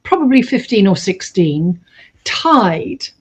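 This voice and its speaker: A woman recounting a true story in a casual, animated way, acting out the voices of the people in it. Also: medium pitch, slow, husky. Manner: animated, acts out quoted voices. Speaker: storyteller host.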